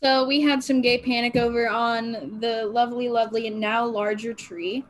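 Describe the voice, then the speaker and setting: A woman chatting with her gaming group, animated and jokey, with playful swearing. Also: a little high, moderate pace. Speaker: tabletop game player. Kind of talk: casual chat with friends.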